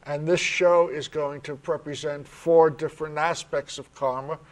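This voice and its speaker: Earnest New York talk show host. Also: male voice, a little high, steady tone, moderate pace. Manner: friendly, chatty and earnest.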